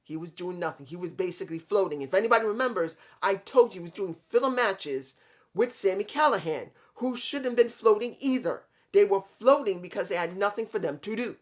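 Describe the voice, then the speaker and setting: A man's voice: sits high, expressive, brisk. A man giving a casual, rambling spoken review of a wrestling show, talking straight to his viewers.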